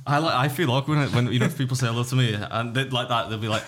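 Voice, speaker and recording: A man in a casual podcast chat, joking and self-deprecating, with a husky voice. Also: medium pitch, steady tone, rapid-fire, fairly bright tone.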